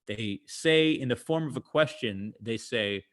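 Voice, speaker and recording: Over a video call, a man with a medium-pitched voice tells jokes and stories in an easygoing, chatty way. He lingers on filler words and pauses to unpack his punchlines, much like a comedian teaching an audience.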